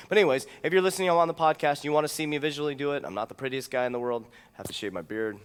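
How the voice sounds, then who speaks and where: A man hosting his own motivational podcast as a health and mindset coach, talking with big swings of pitch and loudness and repeating key lines for emphasis. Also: animated, racing, hardly any pauses, clean tone, in a large hall. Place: indoor room with a whiteboard.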